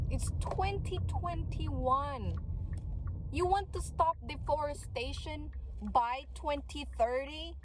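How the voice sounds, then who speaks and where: A woman's voice: high voice, animated, takes it slowly, rough recording. A woman in her late twenties, vlogging candidly outdoors at a beach. She sounds weary and frank, slipping into frustrated sarcasm. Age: late 20s. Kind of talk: candid personal vlog. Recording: loud outdoor traffic noise.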